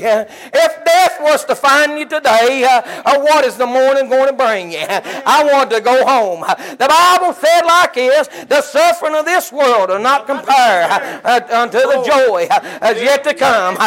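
A man's voice: very high voice, a bit bright, rough recording. An older man preaching an impassioned country church sermon, full of stumbling fillers. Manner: impassioned and tearful, with many uh fillers.

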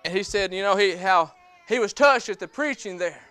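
A man's voice: high voice, expressive, moderate pace, pushed and bright, faint music behind. A man preaching a sermon in church, mixing personal testimony with scripture in plainspoken, folksy speech that repeats phrases for emphasis. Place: church service.

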